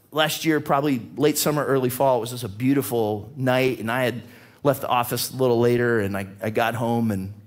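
A man preaching a sermon as a pastor, telling a personal story in an animated way, his voice climbing as the tale builds. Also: medium pitch. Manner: animated storyteller, voice rising with excitement. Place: church.

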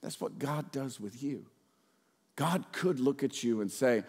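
A middle-aged man preaching a sermon as pastor, swinging between loud outbursts and hushed, earnest passages. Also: mid-range voice, measured pace, slightly rough.

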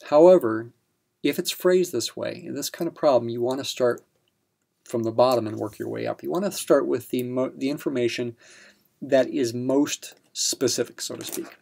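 Male math instructor, gravelly voice at an average pitch, patient step-by-step delivery. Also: normal speed, a little mellow. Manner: patient step-by-step explanation with fillers. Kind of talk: explaining a practice problem.

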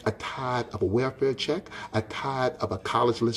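A man's voice: medium pitch, steady tone, moderate pace, few pauses. A male pastor preaching a sermon in a folksy, direct way, rising to impassioned, emphatic questions. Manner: folksy and direct, talks to viewers by name.

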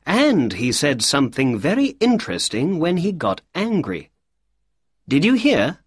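A man's voice: on the high side, wildly swooping pitch, measured pace, slightly rough, no echo, clean studio sound, voice pushed up, exaggerated voice. A man voicing a confident, clever male detective in a storybook reading. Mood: amused. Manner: self-assured, explaining.

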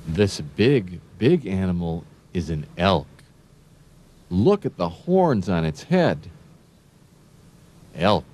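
A man's voice: deep voice, very animated, slow pace, pauses often, a little mellow. A man teaching young children animal names, spelling words out letter by letter and asking the listener questions.

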